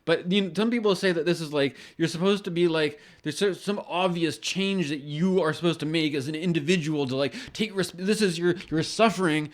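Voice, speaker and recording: A man's voice: on the high side, a little fast, hardly any pauses. A man hosting an astrology channel, talking in a casual rambling monologue with many restarts and casual swearing.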